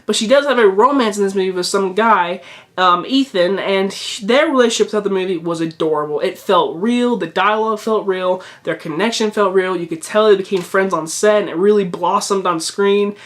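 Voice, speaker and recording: A man's voice: sits high, brisk. A young man talking casually to camera in a movie review, chatty and repetitive, with frequent restarts and fillers. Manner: chatty, repeats himself, many restarts and fillers.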